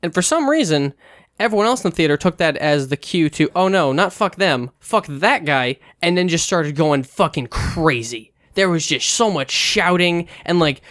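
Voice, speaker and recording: A man's voice: a little high, normal speed, no room sound, studio quality. A man chatting casually on a podcast, ranting and swearing a lot. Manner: profane, animated ranting. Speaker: podcast host. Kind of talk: casual chat.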